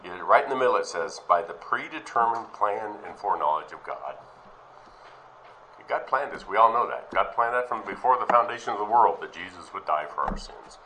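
Male preacher, low and forceful, reads verses then asks questions, faint hiss. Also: lively intonation, normal speed, rough recording. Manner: reads scripture aloud, then questions and explains it. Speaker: Bible teacher. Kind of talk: Bible teaching sermon.

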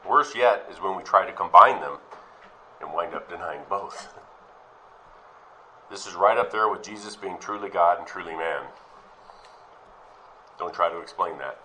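Male preacher, low and forceful, reads verses then asks questions, faint hiss. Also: measured pace, pauses often, poor audio. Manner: reads scripture aloud, then questions and explains it. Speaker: Bible teacher. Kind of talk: Bible teaching sermon.

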